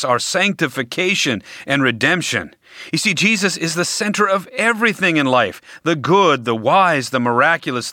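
Emphatic man preaching with dramatic pauses. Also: medium pitch, bright, forceful tone, no echo, studio quality. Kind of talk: sermon.

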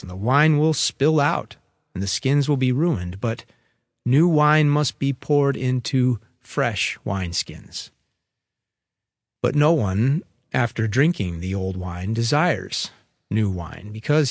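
A man delivering a sermon, reading scripture at a measured, deliberate pace. His voice sits in an ordinary middle pitch. The recording is dry and close, with no room sound. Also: no echo. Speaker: preacher.

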